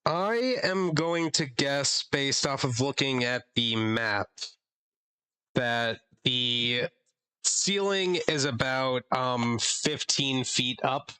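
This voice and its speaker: A young man with a bright, clear voice runs a tabletop game as dungeon master. He talks in a chatty, halting way, full of fillers and quick laughs. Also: mid-range voice.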